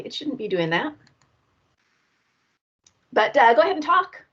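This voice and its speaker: A woman moderating an online meeting in a friendly, relaxed way, heard over video call audio. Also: a little high, measured pace, highs cut off. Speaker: meeting host.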